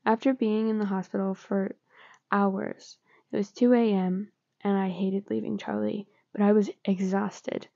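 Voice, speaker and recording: A woman reads fan fiction aloud in a plain, unhurried way. Her voice is gravelly and dark. The recording is close, dry and lo-fi. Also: medium pitch, flat delivery, dry recording. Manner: plain, unhurried reading with small slips. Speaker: fanfiction reader.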